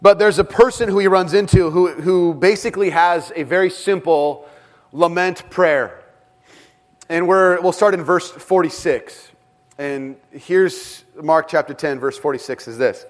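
A man preaching a sermon as pastor, dramatic in delivery and often dropping to a hush for emphasis. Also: high-pitched, moderate pace. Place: church with several rooms.

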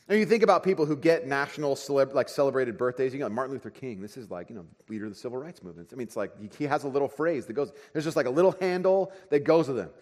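A man in his thirties, a pastor preaching a sermon, telling a family story with lively swings between soft asides and excited bursts. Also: on the high side. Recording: long hall reverb.

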